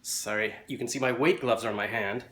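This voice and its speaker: A man tells a rambling, self-mocking story. He sounds close and a little muffled, from a phone held right at his face at home. His voice is mid-pitched and ordinary, and it rises and gets louder as the story picks up. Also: a little fast, slight background noise. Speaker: vlogger. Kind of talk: casual storytelling. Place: indoors at home, just back from the gym. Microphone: phone held in hand, close to face.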